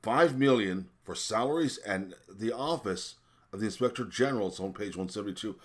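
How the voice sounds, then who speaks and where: An American vlogger with a very low voice rants indignantly and briskly through a list of spending figures. As his anger builds he swears, stumbles over words and leans heavily on fillers.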